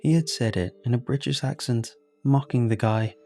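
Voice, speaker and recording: A man narrating a first-person horror story in a calm, measured way. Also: mid-range voice, vocal fry.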